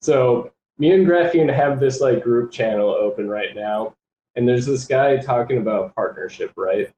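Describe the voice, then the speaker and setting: A man venting casually in a live online audio chat, speaking in quick exasperated bursts. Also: medium pitch, mellow, slight background noise. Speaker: community member on a live audio room. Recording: dull, roomy call audio.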